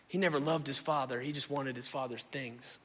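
A man, preaching a sermon in a lively, conversational way and often turning to the congregation. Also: mid-range voice. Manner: animated, conversational preaching, addresses crowd as y'all. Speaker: pastor. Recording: echoey hall.

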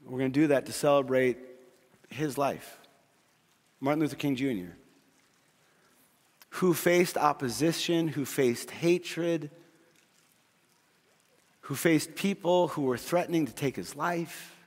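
A middle-aged male pastor with a high, light voice preaches in a big church hall, and his words ring out with a long reverb. He tells stories quickly and vividly, then sinks into soft, earnest appeals. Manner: storytelling, shifting from quick excited retelling to quiet earnest pleading. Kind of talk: sermon.

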